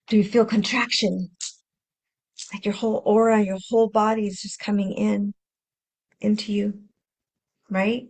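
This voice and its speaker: A woman hosting a self-help podcast, speaking gently and reflectively, repeating phrases and acting out inner voices with sighs. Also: medium pitch, fairly even intonation, normal speed. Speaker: podcast host and healing coach.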